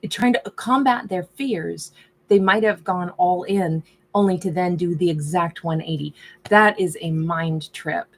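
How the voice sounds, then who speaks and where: Woman chatting through a tarot spread, low-ish husky voice, musing and chatty. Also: a little slow. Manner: musing, chatty, voices the subject's inner thoughts. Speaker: tarot reader. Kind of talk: casual tarot reading monologue.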